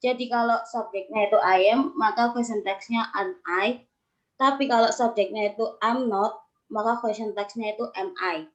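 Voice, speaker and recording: Young indonesian woman going over grammar rules, kinda high voice. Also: fairly even intonation, fairly quick, muffled recording. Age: young adult. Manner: explains, then repeats it in Indonesian. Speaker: student presenter. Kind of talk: class presentation.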